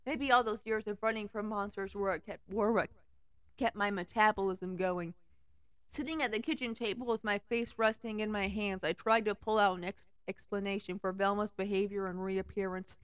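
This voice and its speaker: Young woman, fanfiction reading, sarcastic asides, middling pitch, dry close sound. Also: fairly even intonation, moderate pace, clear, resonant tone, no echo. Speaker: fanfiction reader. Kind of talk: casual reading aloud with commentary.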